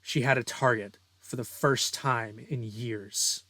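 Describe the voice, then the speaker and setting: A man's voice: mid-range voice, fairly even intonation, slow, a bit bright, no echo. Brief: young male author, casual read-through with chatty notes, dry sound. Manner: casual, self-deprecating asides with fillers. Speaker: author reading his own story.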